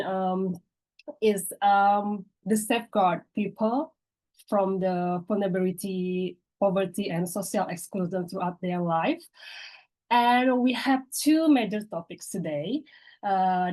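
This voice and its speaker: Woman, hoarse with a cold, nervous practice presenter on a video call. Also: medium pitch, a little mellow, low-quality recording. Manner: hesitant, many fillers, nervous laughs. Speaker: workshop participant.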